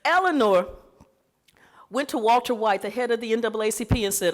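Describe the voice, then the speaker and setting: A woman giving a keynote speech at a conference, telling history in a lively way and acting out the voices of the people she quotes. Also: a little high, brisk. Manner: animated storytelling, acting out quoted voices, laughing. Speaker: keynote speaker. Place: conference hall.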